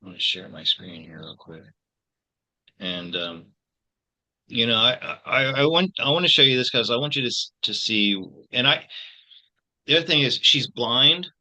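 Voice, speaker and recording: A man in his sixties from the United States, a tarot channel host, talking casually to his viewers in a halting way with many restarts. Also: medium pitch, lively intonation, pushed and bright. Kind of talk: casual personal talk to viewers.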